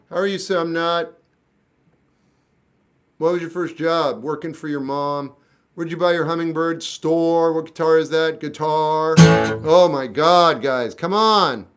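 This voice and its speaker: This is a man in his fifties with a slightly raised pitch who talks in a blunt, deadpan way. He gives clipped one-word answers as he reads out questions, and a faint guitar can be heard behind him. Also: unhurried, long pauses. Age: 50s. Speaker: musician answering live chat questions. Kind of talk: casual live-stream chat.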